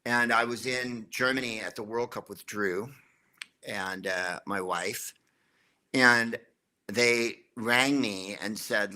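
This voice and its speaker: A middle-aged American guest comedian tells rambling, wry stories full of jokes in a casual anecdotal interview. His lowish voice sounds pushed and bright, and he takes his time.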